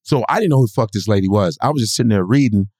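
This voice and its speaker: A male comedian guest telling profane, animated stories in a casual podcast chat. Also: lowish voice, very fast, dry recording, clean studio sound.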